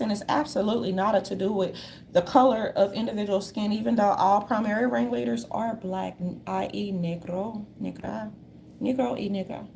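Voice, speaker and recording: A woman in a casual monologue, reading from notes in a sassy manner and calling listeners darlings, with a gravelly voice. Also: on the high side, a little mellow, a little hiss or hum.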